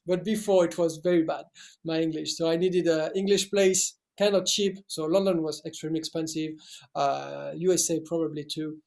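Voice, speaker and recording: A young man in his twenties from France, speaking English with a French accent in a halting interview style with many restarts. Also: fairly high pitch, steady tone, creaky, a little mellow. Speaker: actor guest. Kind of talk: casual interview talk.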